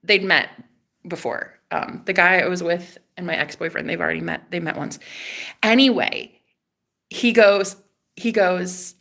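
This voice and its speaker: Speaking a little slowly in a lowish, gravelly voice, a woman vlogger recounts a story to camera. She's chatty and dramatic, swears frequently, and swings from a hushed tone to loud bursts.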